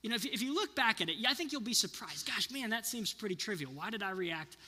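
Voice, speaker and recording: Man, thirties, pastor, earnest sermon, asks listeners questions, bright tone, reverberant hall. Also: high-pitched, animated, fast talker, slightly rough.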